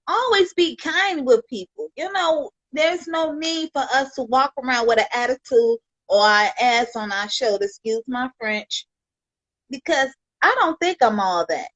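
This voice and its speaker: A woman's voice: on the high side, fairly bright tone, no echo, poor audio. A woman from Chicago on a livestream, talking with heartfelt, rambling thanks to her viewers and peppering her talk with "you know". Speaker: livestream host.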